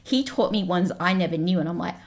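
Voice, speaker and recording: A woman, a guest on a casual podcast, talking in a chatty, rambling way full of restarts and quick laughs. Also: on the low side, animated. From Australia. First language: not English.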